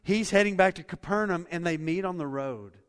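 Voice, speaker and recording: A man's voice: fairly quick, smooth. Man preaching in a reverberant hall. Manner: dynamic preaching, swinging from soft and low to loud and raised. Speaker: pastor. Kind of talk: sermon. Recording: long reverb of a large hall.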